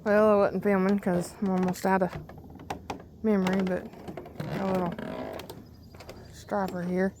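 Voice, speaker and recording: Slow-talking woman coaxing a bird outdoors. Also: medium pitch, flat delivery, background noise. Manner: coaxing, talks to a heron like a pet. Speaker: angler and vlog host. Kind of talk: casual chat while fishing. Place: outdoors by a lake.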